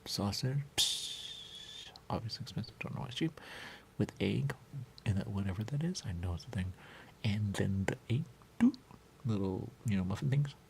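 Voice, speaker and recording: Gravelly man rambling in playful sing-song. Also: lowish voice, expressive, moderate pace, long pauses, slight background noise. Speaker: radio show host. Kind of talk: rambling solo talk.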